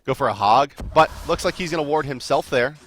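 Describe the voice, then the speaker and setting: Bright-voiced male esports caster. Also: on the high side, brisk. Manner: energetic, chatty, laughs often. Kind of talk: play-by-play commentary.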